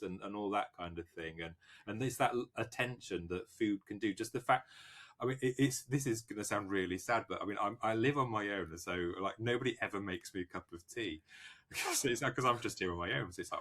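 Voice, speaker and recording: Chatty man, lowish voice. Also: fairly quick. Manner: chatty, animated, laughs often. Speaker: novelist guest. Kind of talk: casual interview chat.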